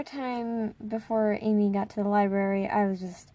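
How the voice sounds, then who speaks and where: A teenage girl telling a school story in a casual storytime vlog, excitable and full of filler words, breaking into dramatic squeals. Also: medium pitch, moderate pace, heavy background noise. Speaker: storytime vlogger.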